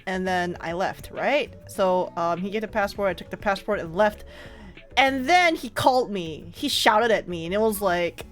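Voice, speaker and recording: A woman streamer telling a story in casual chat, animated and laughing often. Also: medium pitch, normal speed, soft background music.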